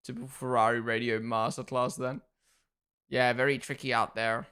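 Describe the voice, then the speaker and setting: Young male streamer, chatty watchalong host who reacts live and thanks chat, mid-pitch voice. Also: level tone, moderate pace, pushed and bright, clear, resonant tone. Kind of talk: casual live-stream commentary.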